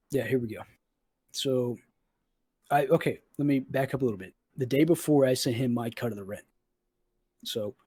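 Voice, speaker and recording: Husky young man telling a profane story. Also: mid-range voice, darkish tone, no room sound. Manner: profane, retells arguments with quoted dialogue. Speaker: podcast host. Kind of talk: casual storytelling chat.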